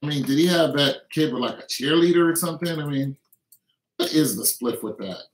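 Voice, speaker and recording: A man hosting a casual livestream, rambling and joking in a mocking tone. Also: brisk. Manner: joking, mocking, breaks into laughs and silly high voices. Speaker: livestream host. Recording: echoey room.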